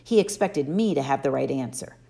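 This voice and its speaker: A woman narrating a children's novel aloud, expressively and slowing down for emphasis. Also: very deep voice, lively intonation, gravelly, mellow. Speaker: audiobook reader. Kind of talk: storybook narration.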